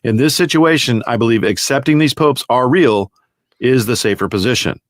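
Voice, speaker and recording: Measured man explaining his position. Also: mid-range voice, no room sound, clean studio sound. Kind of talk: argumentative explanation.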